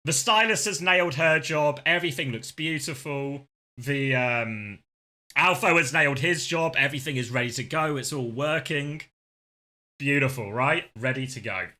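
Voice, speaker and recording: A man's voice: a little high, moderate pace, pushed and bright. A man streaming, telling a casual story with lots of laughter and the odd swear word.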